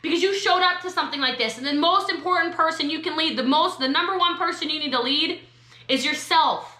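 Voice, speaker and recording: A woman's voice: high voice, pushed and bright, reverberant. A woman giving a sassy, emphatic motivational training talk to network marketers. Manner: sassy, emphatic, quick asides.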